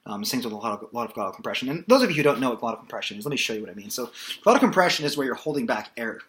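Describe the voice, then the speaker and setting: A man giving a casual singing lesson as a voice teacher, explaining in a loose, relaxed way with plenty of fillers. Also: medium pitch, rapid-fire.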